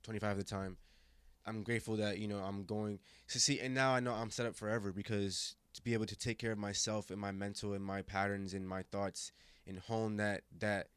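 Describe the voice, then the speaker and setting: A man in his twenties from Germany, guest on a podcast, telling a story with emphatic, animated delivery and many restarts. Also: fairly low pitch, brisk, smooth, no echo. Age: 20s. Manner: animated, emphatic, acts out quoted voices, frequent restarts. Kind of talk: casual storytelling conversation.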